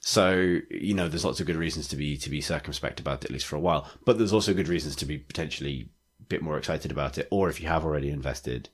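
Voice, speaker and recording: A man's voice: rumbling low, quick pace, slightly rough. A man co-hosting a gaming podcast, talking in a rambling casual way full of "like" fillers. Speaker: podcast co-host. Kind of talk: casual chat.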